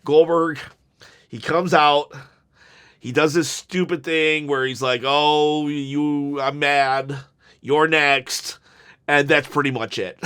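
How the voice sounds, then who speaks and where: A man's voice: fairly high pitch, fairly bright tone. A man reviewing a wrestling show in casual commentary, rambling and exasperated, with restarts and sighs.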